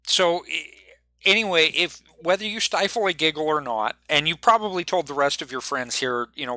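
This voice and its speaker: A man narrating a tabletop game as game master, talking haltingly with many fillers and restarts. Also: medium pitch, sharp tone, dry recording.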